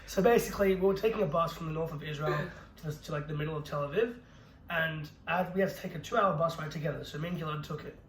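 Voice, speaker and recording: Fast-talking young man telling a story. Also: fairly high pitch, a bit bright. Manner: brisk, profane, laughs through his own story. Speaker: podcast co-host. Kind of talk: casual storytelling chat. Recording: roomy echo with faint noise.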